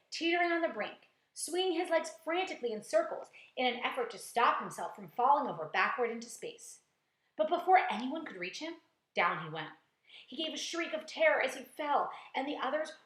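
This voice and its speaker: A woman, a teacher, reading a storybook aloud in an expressive, dramatic way with hushed quiet passages. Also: on the high side. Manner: expressive, dramatic, drops to a hush for quiet scenes. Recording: echoey room.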